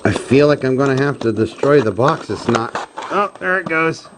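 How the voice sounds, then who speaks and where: A mid-range, animated voice at a moderate pace belongs to a man unboxing something on his woodworking channel, chatting casually and narrating each step while easily amused. He's filmed on a phone camera, and the recording is noisy.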